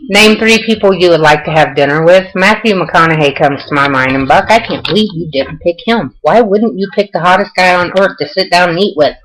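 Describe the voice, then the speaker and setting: Talking fairly quickly with hardly any pauses, this older Southern woman has a low, slightly bright voice, recorded at low quality. In her home vlog she casually answers questions, folksy and self-deprecating.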